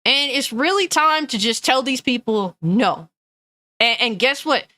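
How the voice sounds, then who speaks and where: A woman's voice: fairly high pitch, lively intonation, a little slow, sharp tone, dry recording. A woman gaming news streamer ranting angrily and bluntly, swearing often and reading chat comments aloud. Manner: angry, profane, blunt.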